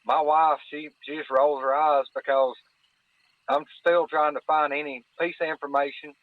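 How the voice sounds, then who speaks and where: A man's voice: fairly high pitch, flat delivery, normal speed, dry recording. A man from North Alabama with a Southern accent, a podcast guest talking in a folksy, earnest way and often repeating words as he searches for them. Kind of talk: casual chat. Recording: dry, phone-like line.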